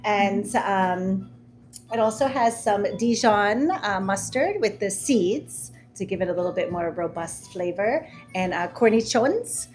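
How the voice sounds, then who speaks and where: A woman's voice: mid-range voice, expressive, unhurried, darkish tone, faint music behind. A woman, a restaurant owner and chef, explaining a menu to guests in a friendly way, with many hesitations.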